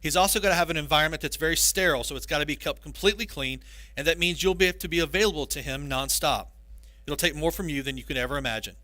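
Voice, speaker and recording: A male preacher voicing a solemn doctor delivering bad news in a lower, quieter tone. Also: no room sound. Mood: grave. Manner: solemn, measured.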